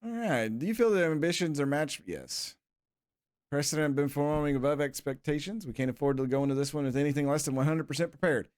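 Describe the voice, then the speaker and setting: A man's voice: a little high, fast talker, hardly any pauses, a little mellow. Chatty man streaming a football game. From England. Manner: chatty, laughs often, reads on-screen questions aloud. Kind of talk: casual live-stream commentary.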